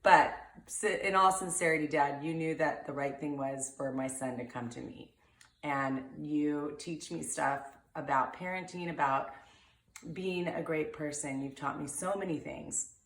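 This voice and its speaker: A woman tells her father a lively family story for his birthday. She acts out the quotes with rising excitement. Her voice sits a little low, and the room gives it a clear echo. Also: unhurried. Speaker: daughter giving a birthday message.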